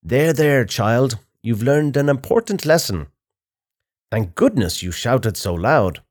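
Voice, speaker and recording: A man voicing a kindly, trusting old grandmother in a children's storybook, in a high, fluttery voice. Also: big pitch swings, slow, no echo, studio quality. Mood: soothing.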